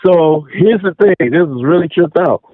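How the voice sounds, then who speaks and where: A man calling in to a radio talk show, telling a personal story in a casual, animated way and repeating phrases for emphasis. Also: fairly high pitch, normal speed, dry recording. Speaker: caller. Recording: tinny phone line.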